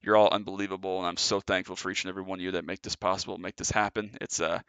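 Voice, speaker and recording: A man's voice: sits low, flat delivery, rapid-fire, fairly bright tone, smooth, no room sound. A man giving casual, chatty commentary on his own sim race, a little out of breath. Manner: chatty, filler-heavy, self-correcting. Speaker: sim racing streamer.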